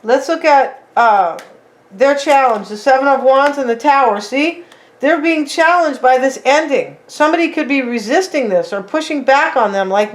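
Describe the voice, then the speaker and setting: A woman with a somewhat high voice talks her viewers through a tarot spread. Her delivery is loose and chatty, full of "like" and "right?", and she speaks to the audience directly as "you guys.". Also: expressive, moderate pace. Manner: chatty, tags lines with "right?" and "like". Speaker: tarot reader. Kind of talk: casual tarot reading to viewers.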